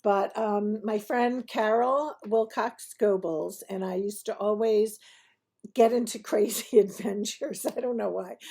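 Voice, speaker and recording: Chatty woman with a gravelly, husky voice. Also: a little high. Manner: chatty and animated, laughing through the story. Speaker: host of a restaurant review TV show. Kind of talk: casual anecdotal storytelling.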